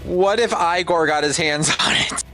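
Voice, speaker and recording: A man's voice: fairly high pitch, moderate pace, sharp tone, soft background music. A man hosting a gaming stream, chatting casually and exclaiming often. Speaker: stream host. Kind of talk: casual chat.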